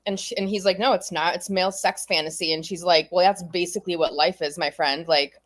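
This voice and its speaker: A woman in casual book-club talk with a notably low pitch for a woman. She is chatty and retells scenes with quoted lines, laughing along the way. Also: steady tone, fairly quick. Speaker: podcast co-host.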